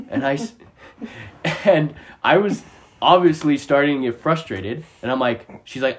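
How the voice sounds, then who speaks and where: A man telling a long story in casual chat, animated and profane, often laughing as he goes. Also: mid-range voice, moderate pace. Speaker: storyteller on a podcast.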